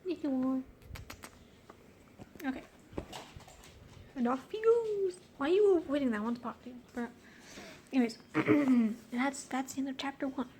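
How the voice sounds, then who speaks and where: A woman's voice: high voice, normal speed, long pauses, dark tone, slight background noise. A woman reading aloud a story she wrote as a child, breaking off to laugh and mock it. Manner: giggly, self-mocking, breaks off to laugh. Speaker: reader of her own childhood story. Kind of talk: casual reading with joking commentary.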